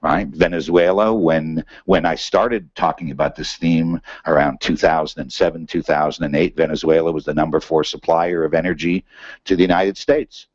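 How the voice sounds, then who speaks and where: A man speaks in a very deep, husky voice, lecturing to a seminar room in a loose conversational way. He fills pauses with "uh" and keeps checking in with "right?". The recording is muffled and dry. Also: steady tone, no room sound. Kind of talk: academic lecture.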